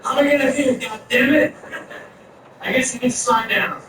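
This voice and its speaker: A man with a high, light voice doing stand-up, firing off absurd one-liners one after another. He is caught from far off in a very echoey room with a steady hum of noise behind him. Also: normal speed. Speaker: stand-up comedian. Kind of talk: stand-up set. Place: comedy club stage.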